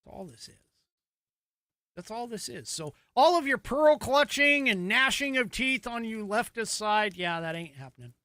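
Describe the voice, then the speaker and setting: An American man delivers solo political commentary in a combative, mocking tone and keeps building into emphatic, rising stretches. His voice sits high for a man and sounds bright and sharp. The sound is dry and close. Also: animated, moderate pace, no room sound. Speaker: podcast host.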